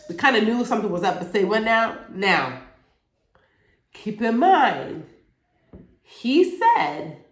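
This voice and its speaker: Woman, casual TV recap, lively swooping pitch, echoey room. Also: slow, pauses often. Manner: animated, acts out characters' lines in quotes. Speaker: YouTube show reviewer.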